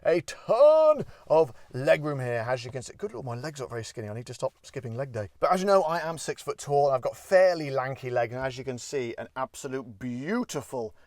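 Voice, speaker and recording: Guy doing a car review, normal pitch, dry sound, chatty and rambly, pokes fun at himself. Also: lively intonation, brisk, few pauses, darkish tone, dry recording. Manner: rambling, self-deprecating, jokey asides. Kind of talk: casual car walkaround review. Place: in and around a parked car.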